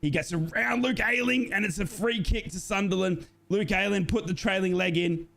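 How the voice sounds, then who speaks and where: A man commentates a football match live with a high, ringing voice. He is excitable and jokey and breaks into shouts and gushing at the big moments. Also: normal speed, creaky.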